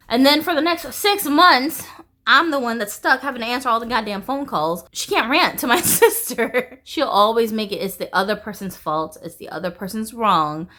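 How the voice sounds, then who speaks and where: A woman talking straight to camera in an open, rambling way, filling her sentences with "like" and swearing freely. Her voice sits a little on the high side, and the delivery feels like loose, everyday chat. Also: animated, moderate pace, pushed and bright. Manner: candid, rambling, heavy use of "like", swears freely. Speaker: vlogger. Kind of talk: casual chat.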